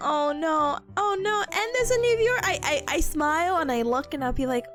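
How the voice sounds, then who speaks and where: A woman's voice: high-pitched, expressive, normal speed, few pauses, fairly bright tone, soft background music. A young woman streamer chatting casually with her viewers, bubbly and giggly. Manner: giggly, bubbly, talks to chat. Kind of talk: casual live-stream chat.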